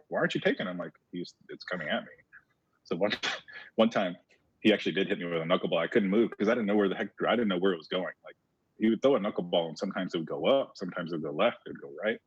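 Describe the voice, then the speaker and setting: A former baseball player, a man telling stories in a casual chat, animated and repeating words as he goes. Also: deep voice, breathy edge, dry recording. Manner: animated storyteller who repeats words as he talks. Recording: muffled lo-fi audio.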